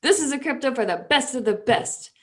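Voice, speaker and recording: A woman voicing a gruff female army drill sergeant, barking insults while she keeps breaking into giggles. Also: high voice, animated, fairly quick. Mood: mock barking.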